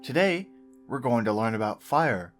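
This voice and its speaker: A man's voice: mid-range voice, expressive, moderate pace, soft background music, lightly acted. A man voicing a cheerful, sinister male apple puppet in a sing-song, falsely cheerful way.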